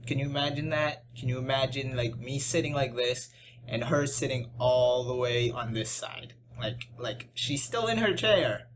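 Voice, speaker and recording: A young YouTube host tells a story in a casual vlog, his medium-pitched voice moving at a moderate pace with background noise and a music bed underneath. He rambles and pokes fun at himself, with many restarts and asides.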